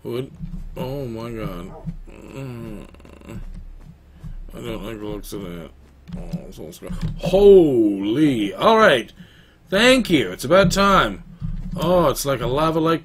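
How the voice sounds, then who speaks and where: A man's voice: mid-range voice, lively intonation, slow pace, pauses often, a bit bright, slight background noise. A young man giving rambling, casual commentary while playing a game, talking to the dog in it. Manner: chatty, rambling, talks to his dog. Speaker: gaming YouTuber. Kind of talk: casual let's-play commentary.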